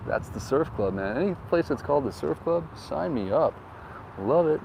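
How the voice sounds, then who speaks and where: Riding outdoors through a town street, a real estate agent gives a casual, joking tour, chatty and full of rambling asides. His voice is on the high side, animated and creaky with a darkish tone, at a normal speed. He speaks into a windsock-covered, wind-muffled mic while faint wind and street traffic sound in the background.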